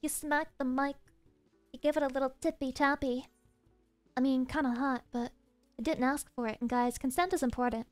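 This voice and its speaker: A woman streaming a game from her desk, chatting in an excitable, rambling way full of swearing. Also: sits high, normal speed, soft background music. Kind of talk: casual game stream chat. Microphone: desk mic.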